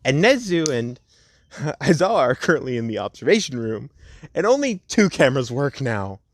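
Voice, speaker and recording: A young man at home casually narrating a fan story, rambling and laid-back, slowing down for the dramatic parts. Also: medium pitch, sing-song, no room sound.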